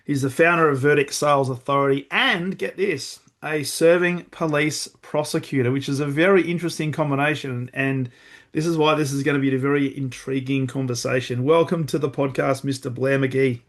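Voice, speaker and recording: A man's voice: mid-range voice, steady tone, fairly quick. A man hosting a podcast interview, introducing his guest in a friendly, upbeat way. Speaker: podcast host.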